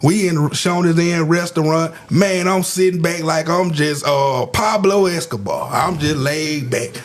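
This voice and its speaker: A man casually telling an animated, slangy, boastful story about his past. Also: fairly high pitch, a little slow.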